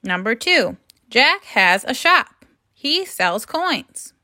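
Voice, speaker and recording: A woman teaching a phonics and grammar lesson to young children, speaking slowly and carefully in an encouraging classroom manner. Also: a little high, sing-song, bright, forceful tone.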